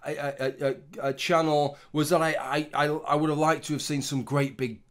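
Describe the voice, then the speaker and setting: A man's voice: on the high side, fairly even intonation, normal speed. A middle-aged man giving a casual, rambling opinion commentary, swearing often and restarting his sentences. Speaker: commentary vlogger.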